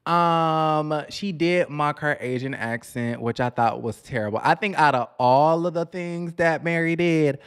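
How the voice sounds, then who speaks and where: A man's voice: fairly high pitch, normal speed, hardly any pauses, clean tone. A man hosting a casual commentary vlog on reality TV, sassy and chatty, talking straight to his viewers and calling them honey.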